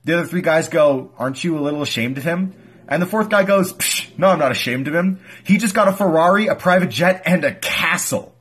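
Husky man telling a joke. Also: high-pitched, fairly bright tone. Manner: storytelling, quick delivery.

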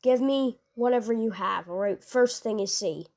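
A woman voicing a blunt, menacing male demon-slaying marine who makes curt, flat demands in a comedy sketch. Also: a little high, normal speed, pitched below the performer's own voice, close to an everyday voice. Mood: gruff demanding.

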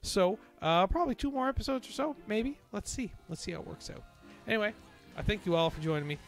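A man playing a video game and commenting as he goes, swearing and blowing up in frustration, then talking himself back down into calm. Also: high voice, fast talker, creaky, faint music behind. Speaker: let's play host. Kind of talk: gameplay commentary. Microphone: desk microphone.

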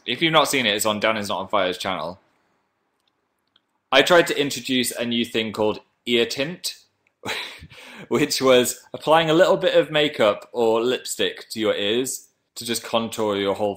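A man's voice: on the low side, fairly bright tone. A man hosting a casual livestream, chatting playfully and reading viewer comments aloud. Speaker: livestream host.

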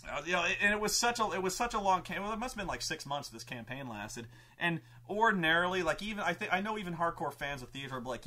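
Guy retelling his tabletop campaign, sharp bright voice, swears a lot, keeps restarting. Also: sits high, fast talker. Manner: excitable, profane, frequent restarts. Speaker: game master and host. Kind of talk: animated tabletop storytelling.

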